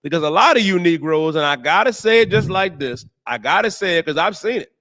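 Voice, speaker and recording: A man hosting a talk show, preaching on scripture in slangy, emphatic speech and drawing out the verses slowly. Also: sits high, lively intonation, a bit bright. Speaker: host and teacher.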